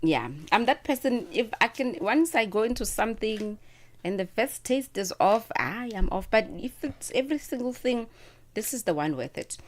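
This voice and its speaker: A woman's voice: fairly high pitch, lively intonation, normal speed. A South African woman hosting a radio show, chatting casually with a guest, laughing often and talking while she eats.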